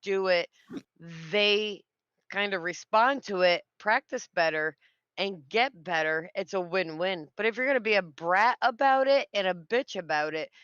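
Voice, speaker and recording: A cheeky, blunt woman who swears freely while co-hosting a casual livestream chat. Her voice is bright and smooth, recorded dry with a slightly dull lo-fi quality. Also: medium pitch, measured pace, no echo. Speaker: show co-host.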